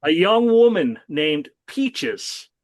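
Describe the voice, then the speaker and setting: A man co-hosting a music podcast, telling animated stories in a casual, enthusiastic way. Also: high voice, slow pace, crowd noise. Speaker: podcast co-host. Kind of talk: casual music chat and storytelling.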